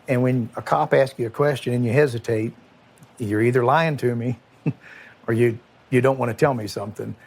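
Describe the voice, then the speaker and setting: A middle-aged man, a former police chief from Kentucky, recalling events in an interview, plain-spoken and emotional, often halting and restarting. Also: medium pitch, creaky, darkish tone, slightly rough. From Kentucky, USA. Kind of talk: interview recollection.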